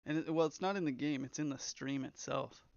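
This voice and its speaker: A man's voice: a little high, a little fast, creaky, no room sound. A young man who develops games, chatting casually on a live stream, rambling and reading chat aloud. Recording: slightly dull, lo-fi stream audio.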